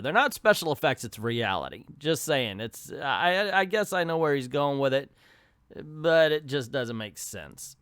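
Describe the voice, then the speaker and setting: A man's voice: a little high, fairly bright tone, smooth, no echo, studio quality. A man giving a casual, sarcastic spoken review of a comic book, with wry running commentary.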